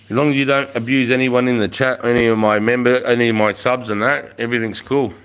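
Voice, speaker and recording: A man's voice: mid-range voice, fairly even intonation, fast talker, fairly bright tone, clear, resonant tone. A man with an Australian accent, in his forties, telling army stories and chatting with viewers on a casual live stream, swearing freely. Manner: swears a lot, laid-back, reads chat aloud. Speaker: livestream host, ex-soldier.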